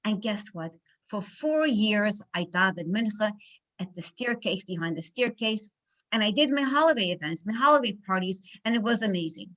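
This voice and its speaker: A woman's voice: medium pitch, moderate pace, low-quality recording. A middle-aged woman giving an inspirational talk, acting out the people in her stories. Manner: animated storyteller, acts out dialogue. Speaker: guest speaker.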